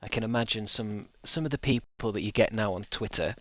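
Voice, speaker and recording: A man's voice: on the low side, fairly quick, no echo. An English man chatting casually on a stream, rambling and joking while he reads out viewer messages. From England. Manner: rambling and jokey.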